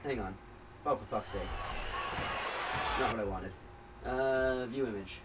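A man's voice: medium pitch, a little slow, far from the mic, noisy background. A man co-hosting a wrestling podcast, joking and talking over the others in casual chat. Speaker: podcast co-host.

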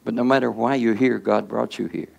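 A man preaching a sermon in plain colloquial speech. He keeps asking the listener questions, often prodding with "huh?", and swings between hushed and loud passages. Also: mid-range voice, fairly even intonation, a little fast, creaky. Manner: rhetorical questions with repeated "huh?"; informal colloquial grammar.

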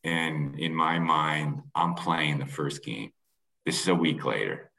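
A middle-aged man from Canada, a former athlete, telling a rambling, animated story on a podcast. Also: very deep voice, slow, gravelly, low-quality recording. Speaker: former pro lacrosse player, guest.

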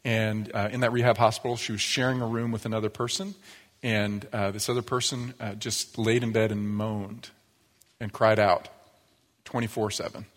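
A pastor giving a sermon, telling stories in a lively, conversational way. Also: male voice, fairly low pitch, normal speed. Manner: storytelling, animated, acts out quoted voices. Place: church sanctuary. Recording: long church reverb.

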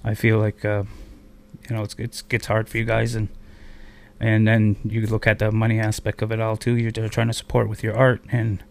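A man's voice: fairly low pitch, completely flat delivery, moderate pace, creaky. A man hosting a small community radio show, from a reservation on the Canadian border, in a loose, rambling live interview. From Akwesasne, on the Canada-US border. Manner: rambling, loose, with many fillers.

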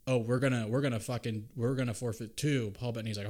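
A man's voice: mid-range voice, fairly even intonation, fast talker, darkish tone. Profane, rambling young man. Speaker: podcast co-host. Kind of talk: casual chat recapping a film.

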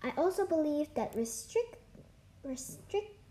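A woman's voice: high-pitched, sing-song, unhurried, dark tone, echoey room, slight background noise. A woman reading a story aloud, voicing a shy male library assistant who rambles and keeps correcting himself.

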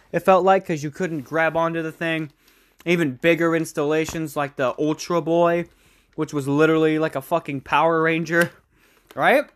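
A man hosting his own podcast in a casual solo monologue, rambling, swearing freely and snacking as he talks. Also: a little high. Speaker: podcast host.

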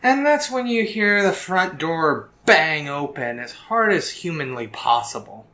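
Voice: medium pitch, animated, measured pace, pushed and bright. A storyteller narrating a tabletop role-playing game in a descriptive, matter-of-fact way, recorded with a roomy echo.

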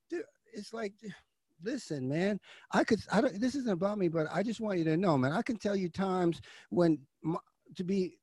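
A middle-aged man, an actor and coach, giving impassioned motivational talk as a guest, swinging from loud urging to hushed intensity. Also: high-pitched, dry recording, studio quality.

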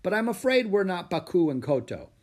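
A man's voice: high-pitched, sing-song, brisk, slightly rough, voice pushed up, exaggerated voice. A man voicing a bold, cheerful young girl in a storybook. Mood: eager. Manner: bright and eager.

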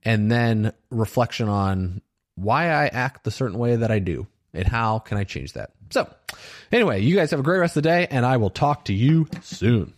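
On his solo podcast, a middle-aged man muses earnestly and loosely about himself, leaning on fillers such as "you know" and "like." He speaks in an expressive mid-range voice at a moderate pace.

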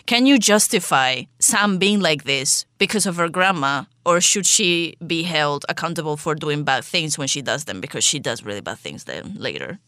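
A woman's voice: fairly low pitch, expressive, moderate pace, hardly any pauses, a bit bright, no echo, clean studio sound. A woman co-hosting a podcast, chatting casually and retelling a show with lots of "like" fillers. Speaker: podcast co-host.

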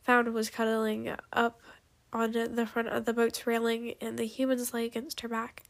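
A woman reading her story aloud in an amateur storybook reading, unhurried, with small slips and restarts. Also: fairly high pitch, completely flat delivery, creaky. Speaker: narrator.

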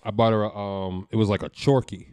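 A man co-hosting a casual chat with friends, telling stories in a slangy, profane, animated way. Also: lowish voice, brisk, clear, resonant tone, no echo, studio quality.

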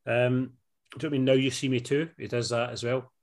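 A man's voice: mid-range voice, flat delivery, fast. A Scottish man co-hosting a podcast, chatting casually about films and often asking "do you know what I mean?". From Scotland. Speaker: podcast co-host. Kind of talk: casual film review chat.

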